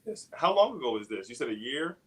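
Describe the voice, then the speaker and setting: A man's voice: mid-range voice, sing-song, a little fast, low-quality recording. A man hosting an interview show, asking questions in a hesitant, restarting way. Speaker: podcast host.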